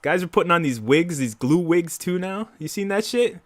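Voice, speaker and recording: Young man, podcast co-host, lively swinging voice, a bit high, laughs a lot, faint music behind. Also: moderate pace. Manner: animated, laughs a lot, swears freely. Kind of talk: casual chat.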